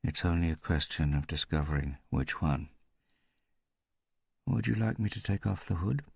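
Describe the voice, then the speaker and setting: A man voicing a cold, bored male interrogator in an audiobook, who speaks quietly, slowly and without interest. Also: low voice, expressive, gravelly, slightly rough, no room sound, studio quality, heavily acted. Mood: coldly bored. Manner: quiet, slow, disinterested.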